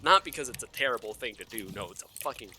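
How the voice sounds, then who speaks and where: A young man rambling excitedly about a video game, swearing a lot and stumbling over fillers and self-corrections. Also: mid-range voice, fast talker, a little hiss or hum. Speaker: gaming video creator. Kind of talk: excited, rambling gaming commentary.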